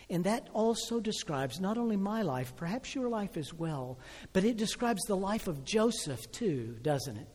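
A man in his sixties preaching a sermon, telling a personal story with feeling, swelling loud and then dropping soft and slow. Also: high voice, big-room sound. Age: 60s. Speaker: pastor.

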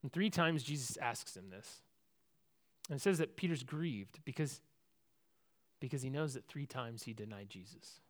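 A man preaching a sermon, telling a Bible story with big swings between loud and hushed, often repeating words and restarting sentences. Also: medium pitch, animated, moderate pace, pauses often. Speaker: pastor.

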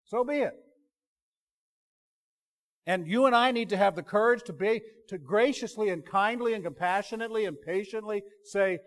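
High-voiced conversational preacher. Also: male voice, normal speed, long pauses. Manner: conversational, self-interrupting, drops to quiet emphasis. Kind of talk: sermon.

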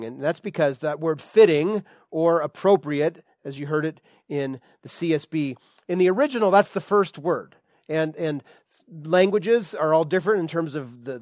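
A man preaching a sermon as pastor, reading scripture slowly with emphasis and often restarting his phrases. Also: mid-range voice, no echo, studio quality.

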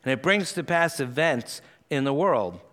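A man's voice: medium pitch, lively intonation, moderate pace, fairly bright tone. A man preaching an expository sermon, explaining the passage and reading scripture aloud with earnest emphasis.

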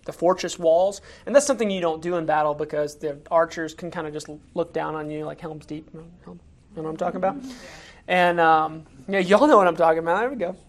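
A man preaching a casual sermon, retelling a Bible story in a chatty way with many fillers and restarts. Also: on the high side. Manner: conversational, acts out quotes in raised voices, many fillers. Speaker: pastor.

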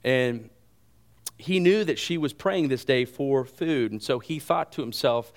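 A pastor preaching a sermon to his congregation, retelling the story in an animated way and mixing in humor and asides. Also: mid-range voice, measured pace.

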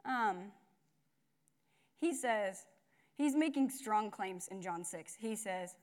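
A woman's voice: medium pitch, animated, slow. A young woman giving a casual, conversational sermon with lots of fillers and asides. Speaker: speaker at a church gathering.

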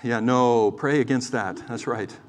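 A man preaching a sermon from the pulpit, earnest and pleading, moving between urgent exhortation and quieter teaching. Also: medium pitch, unhurried. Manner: impassioned, pleading, swings from loud exhortation to quiet explanation. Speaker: pastor. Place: church. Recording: long reverb of a church hall.

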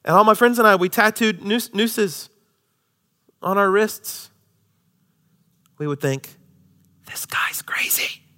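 A male pastor preaching a sermon, swinging from loud, emphatic lines to hushed, near-whispered ones. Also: high voice, animated, takes it slowly, long pauses.

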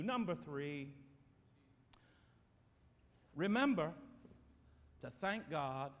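A man preaching a sermon as pastor, emphatic and swinging between loud and quiet passages, speaking to his church. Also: high voice, expressive, normal speed. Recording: long reverb of a church hall.

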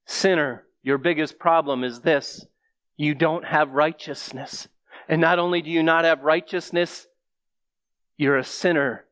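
A man's voice: on the high side, steady tone, measured pace, a bit bright, no echo. A man preaching a sermon, speaking earnestly and emphatically straight to his listeners.

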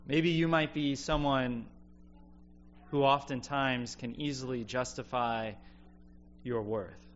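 A man preaching a sermon in an earnest, reflective way, often dropping quiet to make a point. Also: mid-range voice, fairly even intonation, slow pace. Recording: dull lo-fi sound with faint hum.

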